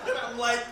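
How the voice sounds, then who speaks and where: A man's voice: very high voice, very noisy. A man performing a self-mocking stand-up comedy set on a club stage, swearing freely as the audience laughs. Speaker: stand-up comic. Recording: roomy live-club sound, mic heard from a distance.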